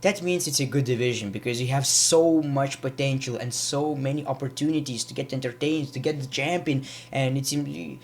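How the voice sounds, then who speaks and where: A man's voice: mid-range voice, moderate pace, vocal fry, few pauses. A man giving a casual, rambling wrestling review, with frequent restarts and repeated words. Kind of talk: casual vlog commentary.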